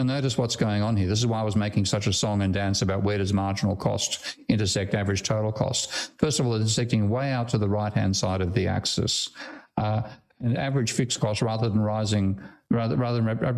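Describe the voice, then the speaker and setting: Older aussie guy lecturing over a video call, gravelly and lowish, blunt, swears a lot. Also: a little mellow. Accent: Australian. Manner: blunt, irreverent, swears casually. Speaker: guest lecturer. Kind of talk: online academic lecture.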